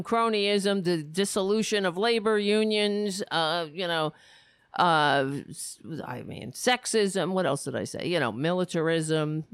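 A woman hosting a political show, telling a story in an animated, profane rant and quoting both sides of an argument. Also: lowish voice, clear, resonant tone, no echo, clean studio sound. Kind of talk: casual ranting commentary.

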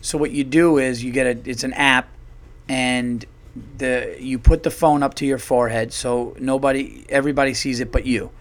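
A man hosting a podcast, telling a rambling, chatty story in a casual monologue and getting louder when he quotes people. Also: medium pitch, fairly even intonation, normal speed. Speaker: podcast host.

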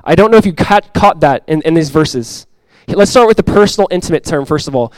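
A young adult man preaching a sermon as pastor, earnest and repeating key phrases, often dropping to a soft, intimate tone. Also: on the high side, animated, brisk, no echo, rough recording.

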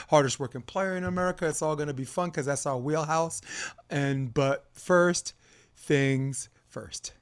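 A young man co-hosting a casual sports debate podcast, energetic and hyped, talking fast over the games. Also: on the high side. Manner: energetic, hyped, chanting and laughing. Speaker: podcast co-host.

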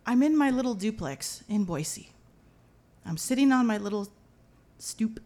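A woman from Los Angeles telling a personal story as a lively, dramatic monologue, mixing in Spanish slang. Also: fairly high pitch, normal speed. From Los Angeles, USA.

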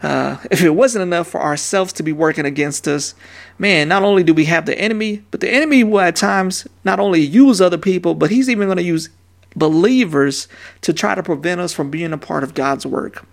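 Male pastor, 30s, gravelly fry, casual street-talk sermon delivery. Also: fairly high pitch, brisk. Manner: casual, conversational preaching with slang asides.

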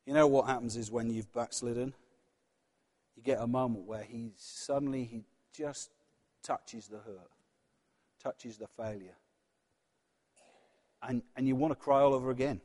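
A man preaching a sermon in a church, earnest and personal, dropping from loud passages to hushed ones. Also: mid-range voice, steady tone, unhurried, long pauses, long reverb tail.

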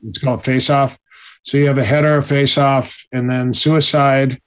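A man telling stories in a casual interview, animated and acting out the other people's voices. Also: mid-range voice, moderate pace, smooth. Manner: animated, acts out quoted voices. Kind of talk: casual storytelling.

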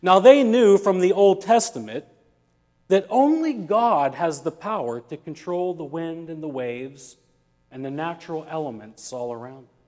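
A man's voice: fairly high pitch, darkish tone. A male pastor preaching a sermon in a church, telling a humorous story and acting out the dialogue. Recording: long reverb of a church hall.

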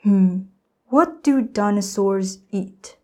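A teenage girl voicing an eccentric, excitable old male inventor in a storybook reading. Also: mid-range voice, slow pace, close to an everyday voice. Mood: musing. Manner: enthusiastic, mysterious.

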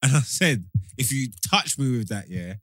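A young man telling a story in casual chat, animated and slangy, often laughing and acting out quotes. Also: medium pitch, normal speed, dry recording, clean studio sound.

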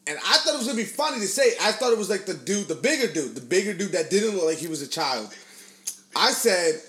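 A man chatting casually among friends, telling an animated story full of swearing and acted-out quotes. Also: high-pitched, fast talker. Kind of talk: casual podcast chat.

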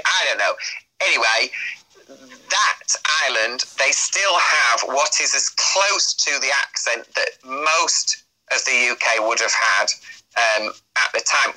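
A man's voice: mid-range voice, bright, forceful tone, rough recording. A man chatting as an interview guest, explaining at length in an easy, talkative way. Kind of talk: casual interview chat.

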